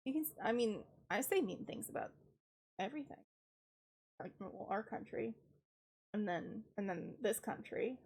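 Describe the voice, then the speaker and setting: A woman's voice: medium pitch, animated, moderate pace, gravelly, pauses often, a little mellow, slightly rough. A woman from the United States chatting casually on a live stream, ranting wryly and laughing often, congested from a cold.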